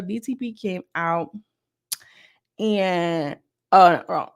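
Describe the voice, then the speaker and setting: Woman, gravelly fry in the voice, dry close sound, casual reality-show recap, chatty and emphatic, slangy asides to viewers. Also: on the low side, slow pace, pauses often, no echo. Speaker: reality TV reviewer.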